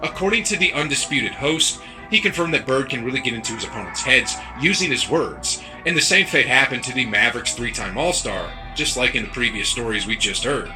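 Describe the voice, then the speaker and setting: A man giving scripted narration for a sports story video, in an even storytelling read. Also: medium pitch, brisk, over music.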